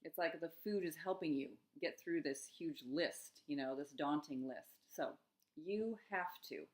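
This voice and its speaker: A middle-aged woman coaching on eating struggles in a gentle, musing self-help talk, with soft laughs between thoughts. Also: sits low, unhurried.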